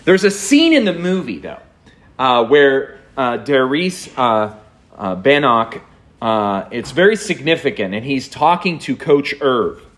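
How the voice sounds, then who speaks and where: A man's voice: medium pitch, very animated, measured pace, fairly bright tone. A man giving a conversational sermon as a pastor, reading film dialogue and talking with frequent fillers and restarts.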